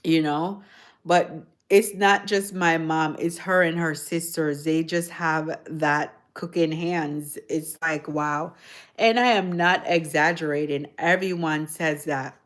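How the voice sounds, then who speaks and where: A woman's voice: low-pitched, fairly even intonation, takes it slowly. A woman hosting a casual livestream, chatting in a rambling, easygoing way full of "like" and "you know". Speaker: livestream host.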